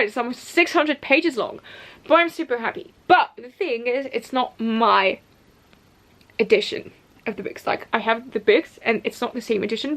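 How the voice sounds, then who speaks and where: A woman's voice: a little high, a bit bright. Chatty young woman vlogging about books. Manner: chatty and scattered, with restarts and asides. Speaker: book vlogger. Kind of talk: casual chat to camera. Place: at home.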